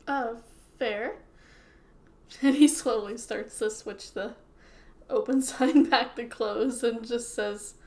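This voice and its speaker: Slow-talking giggly woman game master. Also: fairly high pitch, a little mellow. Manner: laughs often, unhurried. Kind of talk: narrating a tabletop game, casual and giggly.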